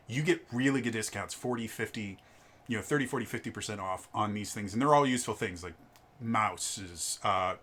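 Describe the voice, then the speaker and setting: Young dude telling a retail story, bright punchy voice, lively and animated. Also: male voice, mid-range voice. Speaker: storyteller, former retail tech manager. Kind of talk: casual anecdote.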